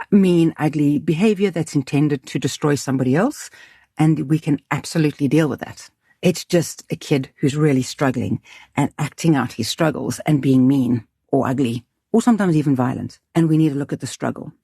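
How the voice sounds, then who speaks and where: Warm, husky-voiced woman school leader. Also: low-pitched, no room sound, clean studio sound. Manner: earnest, emphatic, thinks aloud with restarts. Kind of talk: reflective interview talk.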